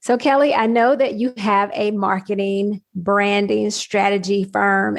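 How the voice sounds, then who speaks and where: A woman hosting a business podcast, reading a measured scripted intro before asking her guest questions. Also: medium pitch, creaky. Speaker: podcast host.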